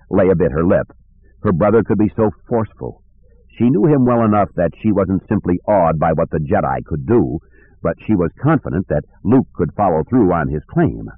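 A man narrating a novel in an expressive storytelling manner. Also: sits low, normal speed, breathy edge, no echo. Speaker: audiobook narrator. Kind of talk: scripted narration. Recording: dry tinny phone-like audio.

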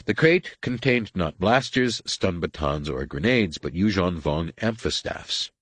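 A man's voice: low-pitched, animated, measured pace, fairly bright tone, breathy edge, dry recording. A man narrating a story aloud, reading expressively and giving each figure a voice. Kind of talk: audiobook narration.

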